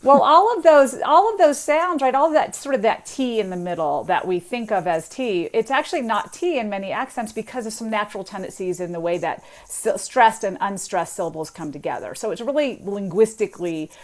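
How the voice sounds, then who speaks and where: Woman guest expert, mid-pitch, chatty explainer who mimics accents. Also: lively intonation, brisk, few pauses. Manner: chatty, explanatory, imitates accents, laughs lightly. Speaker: linguist guest author. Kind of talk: radio interview explanation.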